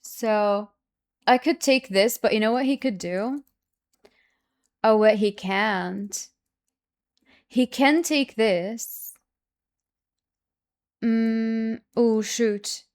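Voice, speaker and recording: A woman's voice: on the high side, extremely slow, long pauses. Young woman chess streamer muttering her moves, anxious, talks over herself. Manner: anxious, repeats herself when stressed; bursts into loud excited cries. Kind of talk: thinking aloud while playing chess.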